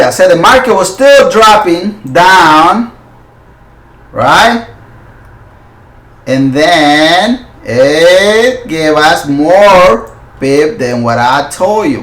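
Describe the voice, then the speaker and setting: Man, forex stream host, excitable, loud hype bursts, non-native phrasing, slightly high voice, roomy echo. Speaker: forex trading channel host. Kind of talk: live market analysis stream.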